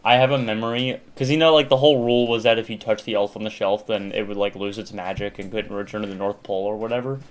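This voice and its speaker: A man's voice: lowish voice, fairly even intonation, quick pace, hardly any pauses. A young man co-hosting a podcast, telling childhood stories in casual chat with lots of fillers and laughter. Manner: laughing storyteller, heavy on fillers. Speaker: podcast co-host.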